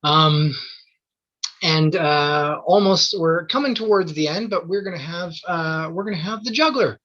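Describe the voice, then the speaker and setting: A man hosts a theatre show and tells jokes in a chatty way, with plenty of "um"s. His voice is slightly high and very bright. The recording is dull and lo-fi. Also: measured pace. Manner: chatty, with fillers, laughs at own jokes. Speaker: host. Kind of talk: stage show hosting and joke telling. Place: theatre stage.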